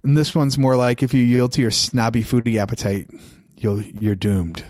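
A mid-pitched man co-hosts a casual film podcast. He riffs in an animated way and acts out scenes as he tells them. His voice is recorded close, with a dry sound. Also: normal speed, dry recording. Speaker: podcast co-host.

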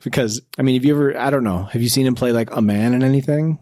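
A man co-hosting a casual podcast about movies, talking in a relaxed, matter-of-fact way. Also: mid-range voice, fast talker, dry recording, studio quality. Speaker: podcast co-host.

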